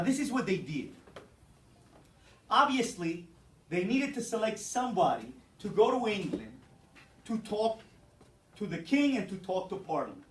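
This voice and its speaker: A teacher giving a brisk classroom lecture, explaining step by step and checking in with the students. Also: mid-range voice, slight background noise. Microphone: distant room mic. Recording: echoey classroom from far off.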